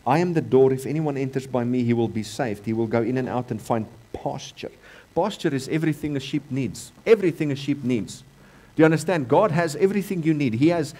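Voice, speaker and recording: A pastor with a medium-pitched voice and a South African accent delivers a sermon in church. He repeats important phrases and swings between loud, emphatic bursts and softer passages.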